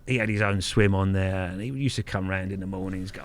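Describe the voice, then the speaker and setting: A man's voice: low voice, fairly even intonation, a little fast, a little hiss or hum. Earthy, frank man from Kent. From Kent, England. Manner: frank, earthy, swears freely, repeats words. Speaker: guest angler. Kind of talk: casual storytelling interview.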